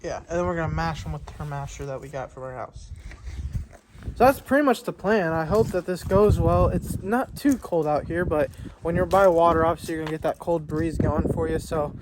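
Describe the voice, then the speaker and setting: A man's voice: a little high, noisy background. A young man chatting to viewers in a casual vlog outdoors by a lake, a bit out of breath, recorded on a phone. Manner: chatty and upbeat, talks to viewers. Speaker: vlogger. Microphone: phone camera.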